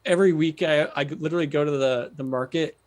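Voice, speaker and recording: A man's voice: fairly high pitch, steady tone, fast talker, a little mellow. A man in his thirties, a guest author chatting casually with frequent restarts. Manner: chatty, full of restarts and laughter. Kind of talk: casual chat.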